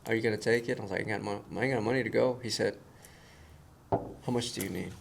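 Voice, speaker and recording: A man telling a story in casual conversation, animated and acting out the voices of the people in it. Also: lowish voice, fast talker, gravelly, a little hiss or hum. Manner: animated storyteller who acts out quoted voices. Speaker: guest.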